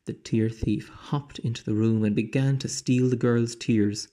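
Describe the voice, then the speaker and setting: A man teacher reading a children's storybook aloud slowly, dropping into dramatic whispers. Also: mid-range voice, steady tone, warm tone.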